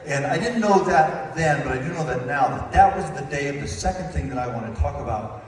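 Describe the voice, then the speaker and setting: A man's voice: on the high side, animated, a little fast. A man in his fifties giving a playful, teasing wedding toast as father of the bride. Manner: playful, teasing, acts out voices. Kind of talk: comic wedding speech storytelling. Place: large wedding reception hall. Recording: echoey hall, distant mic, room noise.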